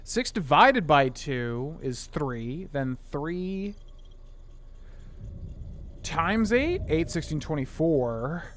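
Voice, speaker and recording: A man's voice: a little high, very animated, extremely slow, pauses often, fairly bright tone, a little hiss or hum. A man streaming a video game, thinking aloud as he works through sums and grumbles in a half-joking way. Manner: thinks aloud, counting and muttering sums to himself. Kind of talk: casual let's-play commentary.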